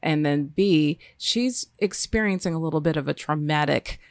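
A woman's voice: low-pitched, normal speed, no room sound, clean studio sound. A woman hosting a casual talk, affirming her guest and sharing her own experiences. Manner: warm affirming listener, frequent mm-hmms. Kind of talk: casual conversation.

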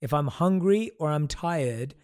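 A man's voice: a little high, expressive, measured pace, a little mellow. A man hosting a casual conversation, who talks with enthusiasm and repeats phrases for emphasis. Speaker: podcast host.

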